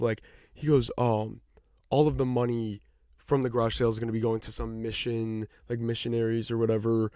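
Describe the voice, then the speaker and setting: Man, podcast co-host, casual storytelling, mid-pitched, swears, dry close sound. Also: fairly quick, clear, resonant tone, no echo. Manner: animated, acts out the people in his stories, swears freely.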